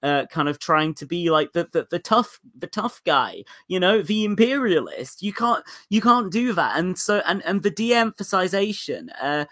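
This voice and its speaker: A man talking through politics in a casual, animated way, sometimes mocking and swearing. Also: high-pitched, moderate pace, few pauses, dry recording, studio quality.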